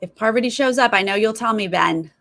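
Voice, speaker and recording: A woman's voice: a little high, fairly quick, a bit bright. A woman hosting a live stream, chatting casually with viewers and mimicking other people's voices in her stories. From Los Angeles. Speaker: live stream host reacting to a TV show.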